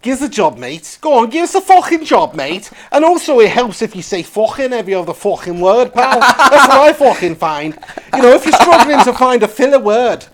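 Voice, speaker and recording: A man's voice: very high-pitched, very animated, fairly quick, full character voice. A man putting on an exaggerated mock Scouse accent as a brash, swearing Liverpool lad. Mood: mock aggressive. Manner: swears constantly, loud and cocky.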